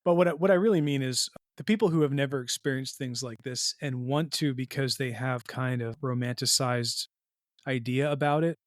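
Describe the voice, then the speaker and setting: A man's voice: mid-range voice, moderate pace, dry recording, studio quality. A man hosting a podcast, asking long, rambling questions and thinking aloud with examples. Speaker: podcast host. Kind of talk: casual interview questions.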